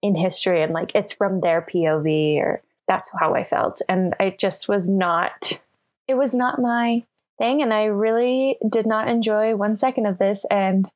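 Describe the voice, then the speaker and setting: A woman's voice: medium pitch, a little slow. A woman co-hosting a casual book club podcast, blunt and joking in her complaints. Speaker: podcast co-host.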